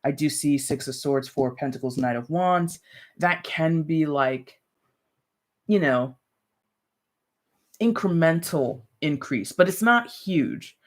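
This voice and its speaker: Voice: mid-range voice, slow pace, pauses often. Chatty tarot reader on a live stream. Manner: chatty and loose, full of "like" and "you know"; talks straight to viewers with light laughs.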